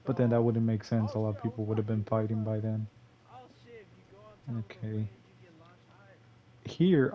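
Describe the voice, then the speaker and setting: A young Texan man with a lowish voice narrates his own gameplay from his home gaming room, rambling loosely and peppering his talk with fillers and curses. The sound quality is lo-fi.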